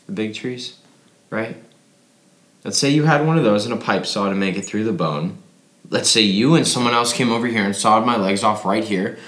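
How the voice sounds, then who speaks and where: A man's voice: on the low side, reverberant, lightly acted. A man playing a drunk friend who keeps asking odd, probing questions about where his self is. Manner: rambling, probing questions, bursts into mock yelling. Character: drunk philosophizing man, Pete, playful and needling. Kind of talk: audio drama acting.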